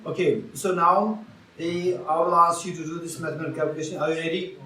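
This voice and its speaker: A man's voice: fairly high pitch, fairly even intonation, brisk, bright, forceful tone, slight background noise. A man giving an interactive Buddhist teaching, asking the audience questions and repeating key phrases. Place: retreat teaching hall. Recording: roomy hall sound from far off.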